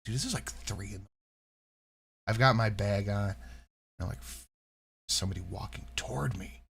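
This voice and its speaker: A man's voice: lowish voice, normal speed, creaky, slightly rough. A man co-hosting a reaction podcast, telling stories in a loose, profane way and acting out the people he quotes. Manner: animated, profane, acts out quoted voices. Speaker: podcast co-host reacting to videos. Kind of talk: casual chat, storytelling.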